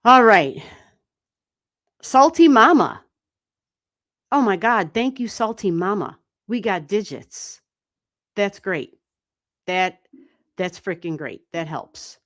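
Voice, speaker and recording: A woman giving casual, animated astrology readings on a livestream, chatting and swearing lightly as she goes. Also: medium pitch, slow pace, no echo, clean studio sound. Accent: US Midwestern. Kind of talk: casual live-stream reading.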